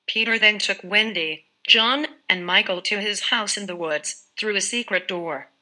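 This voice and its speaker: Brief: female narrator, scripted children's fairy tale, steady clear delivery, bright tone. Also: mid-range voice, measured pace, few pauses, rough recording.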